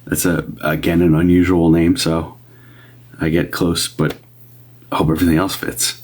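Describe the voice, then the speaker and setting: A man's voice: low voice, flat delivery, normal speed, husky. A man doing live medium readings, chatting casually with viewers, sometimes whispering and greeting them upbeat. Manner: drops to a soft whisper at times. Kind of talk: casual livestream chat.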